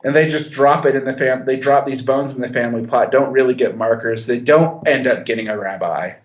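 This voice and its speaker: A male podcast co-host with a mid-range voice chats a little fast about a film, the sound roomy. The conversation is casual, with many restarts and a bit of laughter.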